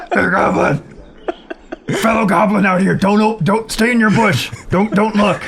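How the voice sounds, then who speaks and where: A man's voice: high-pitched, slow, a crowd in the background. A man voicing a chatty, bluffing male goblin in a put-on goblin accent during a tabletop game. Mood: chummy bluffing. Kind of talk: tabletop role-play.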